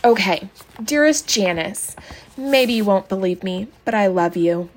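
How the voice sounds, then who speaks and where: A shy, doubtful country boy, as a woman reading aloud puts him on, plain-spoken and hesitant. His lines stay close to the reader's own mid-pitched voice. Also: expressive, unhurried, slight background noise.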